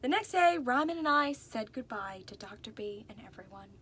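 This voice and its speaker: A woman's voice: fairly high pitch, animated, normal speed, a bit bright, husky. A woman narrating a first-person storybook in a folksy, drawling way. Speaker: audiobook narrator.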